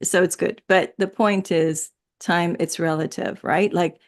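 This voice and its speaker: A woman with a lowish, steady voice speaks unhurriedly as a guest in a casual spiritual conversation. She rambles, laughs often, and restarts her sentences many times.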